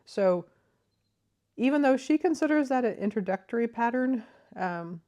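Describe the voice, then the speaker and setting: A crochet vlogger talks from her living room in a slightly high, animated voice at a moderate pace. Thoughtful and enthusiastic yet soft-spoken, she explains her craft with frequent ums.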